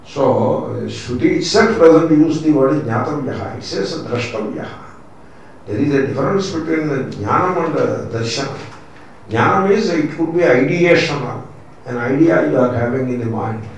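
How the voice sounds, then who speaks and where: A swami lectures on scripture in Indian-accented English, using Sanskrit terms and repeating points to drive them home. His voice is mid-range with lively intonation at a moderate pace. The room is very echoey, the mic sits far off, and there's faint noise.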